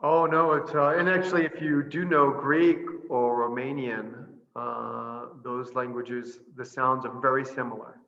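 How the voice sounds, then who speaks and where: A middle-aged man, a priest, talks casually over a video call. His voice is gravelly and bright, and he is chatty and quick to laugh. He slows right down when he spells out sounds, and the audio comes through dull and lo-fi. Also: medium pitch, fairly even intonation. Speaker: priest and missionary guest.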